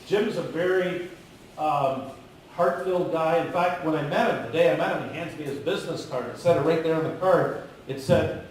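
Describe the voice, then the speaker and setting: A man giving a live motivational business talk in a large room, animated and coaxing the audience to call out answers. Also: a little high, normal speed, a little hiss or hum. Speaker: keynote speaker. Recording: very echoey hall, far from the mic.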